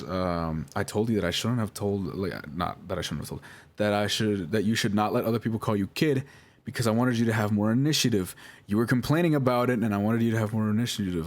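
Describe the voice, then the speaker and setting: A young man nervously talking through old chat messages, rambling with many fillers and restarts and apologizing over and over. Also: on the low side. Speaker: video creator reading out chats.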